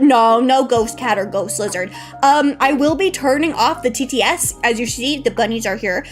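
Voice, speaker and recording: A young woman streamer chatting casually with her live chat, bubbly and giggly, greeting viewers warmly. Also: a little high, moderate pace. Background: faint background music.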